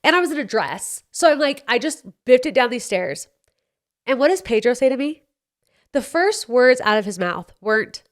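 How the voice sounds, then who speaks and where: A young woman from the United States, hosting a podcast and telling a story in an animated, chatty way, acting out what people said. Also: a little high, moderate pace. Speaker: podcast host. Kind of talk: casual storytelling chat.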